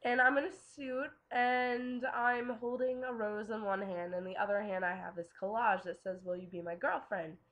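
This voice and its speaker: A woman's voice: mid-range voice, steady tone, moderate pace, few pauses, muffled recording. A young woman casually telling a personal story to camera, chatty and full of "like" and "um". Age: young adult. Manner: chatty, lots of "like" and "um" fillers. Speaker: vlogger.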